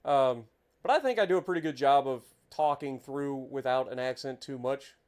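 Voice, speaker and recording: A man with an Appalachian accent giving chatty, excitable commentary while playing a driving game. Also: mid-range voice, moderate pace, clear, resonant tone. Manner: chatty, easily excited, exclaims at scenery. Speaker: game streamer. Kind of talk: casual gameplay commentary.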